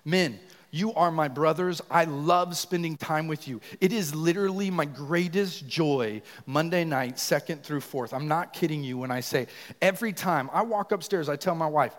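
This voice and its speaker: A young man preaching passionately to his church, often raising his voice close to shouting. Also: a little high, moderate pace. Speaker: youth pastor leading worship. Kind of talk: sermon. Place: church sanctuary. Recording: long reverb of a church hall.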